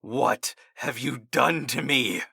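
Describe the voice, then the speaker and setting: A man's voice: slow, creaky, sharp tone, husky, dry recording, clean studio sound, heavily acted. A man voicing a garbled, enraged monster man. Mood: anguished. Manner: low, garbled growl. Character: monstrous male test subject, confused and enraged.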